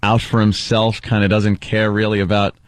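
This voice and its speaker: A man's voice: fairly low pitch, flat delivery, no room sound. Rambling male radio host. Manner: quick, rambling questions. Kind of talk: casual radio interview. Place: radio studio. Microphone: studio mic.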